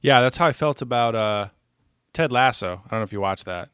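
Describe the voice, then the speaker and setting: A man's voice: medium pitch, lively intonation, a little fast, fairly bright tone, clean tone, dry recording, clean studio sound. A man co-hosting a podcast in easygoing casual chat, using a lot of fillers. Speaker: podcast co-host.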